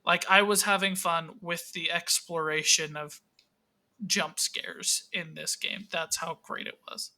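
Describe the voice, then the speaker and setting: A man's voice: fairly high pitch, level tone, unhurried, sharp tone, poor audio. A man co-hosting a casual chat, enthusiastic and teasing about gameplay. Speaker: podcast co-host.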